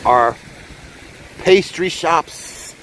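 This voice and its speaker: A man's voice: fairly high pitch, animated, drawn-out words, a bit bright, low-quality recording. A man with a slightly raised voice chats to his live-stream viewers as he wanders an outdoor park. His talk rambles from one aside to the next. A faint rush of wind and water sits behind him. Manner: rambling, chatty, talks straight to viewers. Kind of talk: casual live-stream chat. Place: outdoors in a theme park, by a fountain. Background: wind and splashing water.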